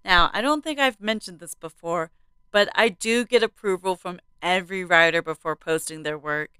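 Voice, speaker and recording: A woman hosting a podcast and narrating a horror story in a hushed, suspenseful manner. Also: fairly low pitch, moderate pace, clear, resonant tone, no echo.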